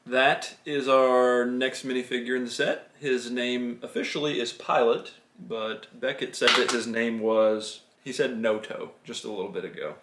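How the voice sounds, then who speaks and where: A man's voice: medium pitch, steady tone, normal speed, hardly any pauses, fairly bright tone. Man, dad, upbeat LEGO commentary, jokey, echoey home room, noisy background. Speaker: father and LEGO build channel host. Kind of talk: playful LEGO building commentary with his son.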